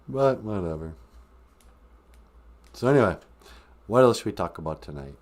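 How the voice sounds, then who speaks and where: Comic podcast host, male, meandering and dry, very animated pitch. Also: normal speed, long pauses. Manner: deadpan, sarcastic, meandering. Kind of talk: rambling comic podcast talk.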